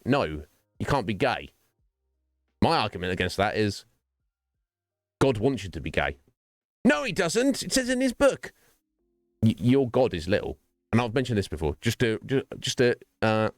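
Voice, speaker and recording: A male streamer chatting casually and rambling, often breaking into laughs. His voice sits on the low side but swings widely in pitch. It sounds dry and close, with faint music underneath. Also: no room sound. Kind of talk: casual livestream chat.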